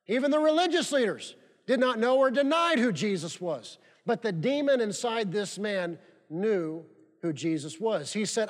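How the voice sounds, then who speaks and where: A man's voice: high-pitched, lively intonation, a little slow. A male pastor preaching a sermon, emphatic and fond of repeating key phrases for stress. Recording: long reverb of a large hall.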